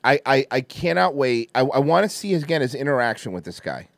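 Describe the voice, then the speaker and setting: Loud mocking man reacting to a clip. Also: medium pitch, sing-song, fairly quick, creaky, dry recording. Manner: loud mocking, swearing, laughing. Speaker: reaction streamer. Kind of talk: casual reaction commentary.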